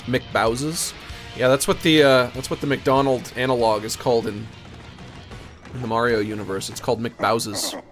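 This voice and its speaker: A man's voice: medium pitch, steady tone, normal speed, fairly bright tone, faint music behind. Man doing joking game commentary. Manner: joking, chatty asides. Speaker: host. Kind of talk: let's play commentary.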